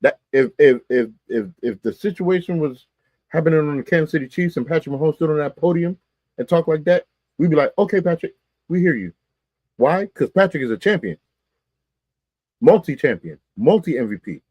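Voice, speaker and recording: A man's voice: on the high side, lively intonation, normal speed, darkish tone, no echo. A man co-hosting a live-streamed sports talk show, talking emphatically in colloquial speech and repeating phrases for effect.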